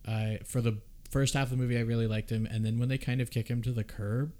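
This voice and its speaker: A man hosting a casual film discussion podcast, talking in an animated, profane way. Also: medium pitch, quick pace. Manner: animated, profane, acts out the characters' lines. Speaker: podcast host.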